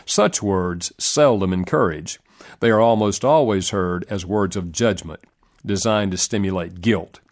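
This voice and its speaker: A man reading a relationship self-help audiobook in a measured, earnest narration with lively rises in pitch.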